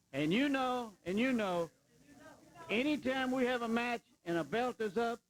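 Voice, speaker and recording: A man's voice: high-pitched, fairly bright tone, rough recording. A man in an arena making an announcement about a title ruling and insisting on the rules. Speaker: wrestling official making a ruling.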